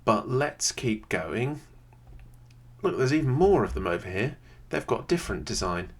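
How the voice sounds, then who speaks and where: A man, thinking aloud in casual gameplay commentary from a quiet home room, often pausing with "um". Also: mid-range voice, big pitch swings. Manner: thinks aloud, chatty, many "um"s. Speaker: video creator playing a geography game. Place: quiet home room with a computer under the desk.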